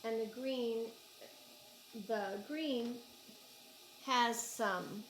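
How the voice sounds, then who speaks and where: A woman's voice: fairly high pitch, drawn-out words, a little hiss or hum, rough recording. A woman with an Oklahoma accent, chatting casually and gushing as she unboxes yarn at home for her crochet vlog. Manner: chatty, gushing, thinks aloud. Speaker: crochet vlogger.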